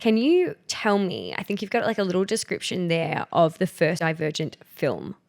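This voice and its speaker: A woman's voice: fairly low pitch, sing-song, normal speed, vocal fry, a little mellow. A woman co-hosting a pop culture podcast, leading the segment in casual chat with many fillers. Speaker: podcast co-host.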